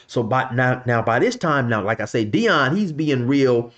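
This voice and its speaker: A man's voice: mid-range voice, expressive, a little fast, hardly any pauses, muffled recording. Man telling a street story in slang. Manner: slangy, loose, lots of "you know" and "man". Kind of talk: casual storytelling.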